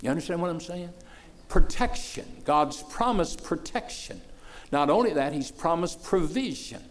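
A man in his sixties, a pastor preaching a sermon in church, folksy and plain-spoken, swelling loud for praise and then dropping low and soft. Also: expressive, moderate pace, a little hiss or hum. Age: 60s.

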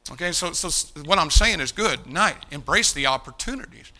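Male preacher, bright, slightly high voice, emphatic, calls out to the congregation. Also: lively intonation, fairly quick. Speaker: pastor. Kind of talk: sermon.

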